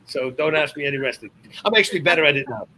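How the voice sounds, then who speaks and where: A Dutch man in his fifties, appearing as a podcast guest, tells animated stories with loud exclamations in a fairly high voice at a racing pace. He has a Dutch accent, and the audio is poor, with some hiss or hum.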